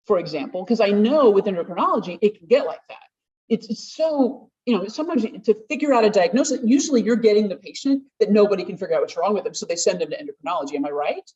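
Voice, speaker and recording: A woman gives a talk at a conference, lively and chatty, and often slips into the voices of the people she quotes. Her pitch sits at an everyday middle. She sounds set back from the microphone, and the recording has a dull, muffled tone. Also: fast. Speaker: conference speaker. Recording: distant, dull room mic.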